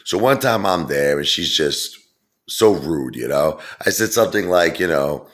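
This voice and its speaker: A middle-aged man rambles through a casual story in an extremely deep voice. He digresses constantly, padding his talk with fillers and asides. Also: expressive, normal speed, a bit bright. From Brooklyn, New York. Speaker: vlogger.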